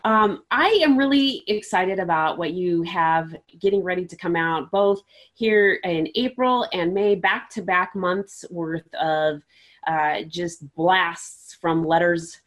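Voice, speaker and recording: A woman hosting an interview, warmly enthusiastic and full of praise for her guest. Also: on the low side, slow. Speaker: podcast host.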